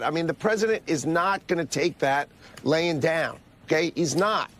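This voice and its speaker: A man's voice: on the high side, moderate pace, a bit bright. A man on a played TV clip, defending trade policy with insistent, repeated talking points. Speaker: political commentator in a clip. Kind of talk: TV political interview.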